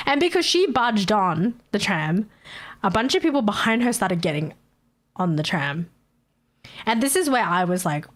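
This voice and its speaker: A woman's voice: mid-range voice, sing-song, normal speed. A woman streamer chatting casually, ranting with frequent swearing and laughter. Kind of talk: casual live-stream chat.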